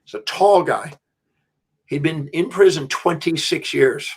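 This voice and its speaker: Animated, emphatic man telling a story. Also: fairly high pitch, unhurried, husky. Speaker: interview guest, educator. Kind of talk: storytelling anecdote.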